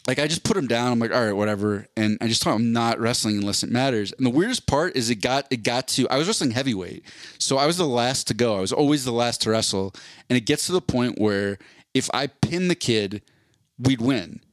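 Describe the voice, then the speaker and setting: A man's voice: mid-range voice, expressive, fairly quick, no room sound, clean studio sound. A man in his forties telling a long story on a podcast, rambling and swearing, full of fillers and restarts. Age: 40s. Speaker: podcast host. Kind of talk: casual storytelling chat.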